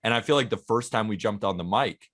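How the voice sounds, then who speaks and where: A man's voice: fairly low pitch, fast talker, fairly bright tone. Eager young man co-hosting a podcast. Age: 20s. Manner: eager, earnest, talks in long runs. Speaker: podcast co-host. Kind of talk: casual podcast chat.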